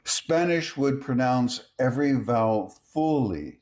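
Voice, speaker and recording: A man teaching a language lesson, reading example words slowly one at a time in a measured way. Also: medium pitch, very animated, darkish tone. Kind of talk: slow scripted language lesson.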